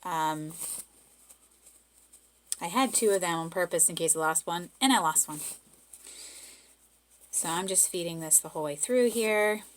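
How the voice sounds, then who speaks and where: A woman's voice: lowish voice, a little slow, long pauses. A woman with a Southern US accent hosting a casual sewing tutorial, chatty and easygoing, correcting herself as she works. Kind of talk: casual step-by-step sewing demonstration.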